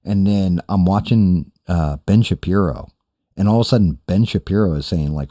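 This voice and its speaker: A man's voice: low voice, a little fast, warm tone, no echo, clean studio sound. An older man hosting a casual live stream chat, rambling and swearing as he answers his viewers. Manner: profane, rambling, self-deprecating. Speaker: streamer host.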